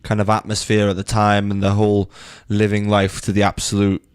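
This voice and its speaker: A man co-hosting a podcast debate, chatty and quick to jump in, playing devil's advocate. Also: fairly low pitch, completely flat delivery, clear, resonant tone, no room sound, studio quality. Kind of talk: casual debate chat.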